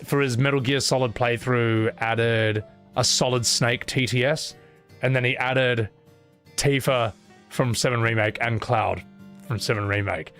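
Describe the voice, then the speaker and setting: A man's voice: medium pitch, steady tone, unhurried, fairly bright tone, soft background music. A man streaming, chatting casually and animatedly, laughing often and swearing freely.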